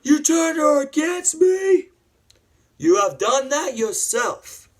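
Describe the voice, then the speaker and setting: A man voicing an anguished young male swordsman who shouts in a high, strained, tearful voice. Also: very animated, takes it slowly, exaggerated voice. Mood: anguished shouting.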